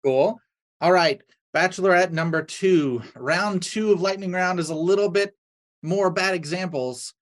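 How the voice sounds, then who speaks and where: A man's voice: sits high, a little slow. A man reads out lightning-round questions on a comedy podcast. He keeps a matter-of-fact tone, briefly announcing each contestant. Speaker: podcast producer. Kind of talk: reading quiz questions.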